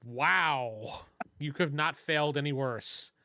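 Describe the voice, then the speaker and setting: Young male game master, bright tone, laughs easily, does quick character voices. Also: a little high, no echo, studio quality. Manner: laughing often, voicing characters briefly. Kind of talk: narrating a tabletop game.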